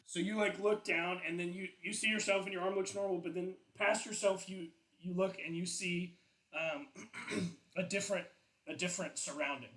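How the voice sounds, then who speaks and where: A man's voice: high-pitched, steady tone, moderate pace, fairly bright tone. A man narrating as game master of a tabletop game, chatty, with many fillers and laughs.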